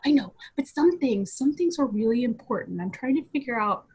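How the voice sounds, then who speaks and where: A woman's voice: fairly high pitch, animated, a little fast, a little mellow, slightly rough. A woman in her thirties, a guest in a casual interview, talking in a chatty way, often laughing and saying "you know". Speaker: guest, VFX artist.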